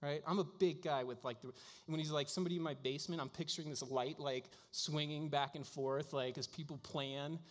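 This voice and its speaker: A man's voice: fairly high pitch, steady tone, brisk. A man preaching a sermon as a pastor, telling stories in a casual way with lots of fillers. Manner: casual storytelling with frequent fillers. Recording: long hall reverb.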